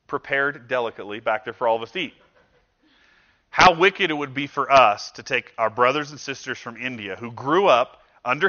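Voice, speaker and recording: Guy pastor preaching, chatty and lively, bright voice, kinda dull lo-fi sound. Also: medium pitch. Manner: conversational, animated, acts out quoted voices. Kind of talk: sermon.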